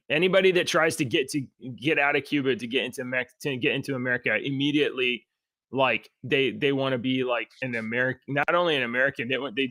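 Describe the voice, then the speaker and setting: A man's voice: medium pitch, pushed and bright, dry recording. A man co-hosting a casual political chat show, talking in a rambling, exasperated and sarcastic way. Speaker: co-host.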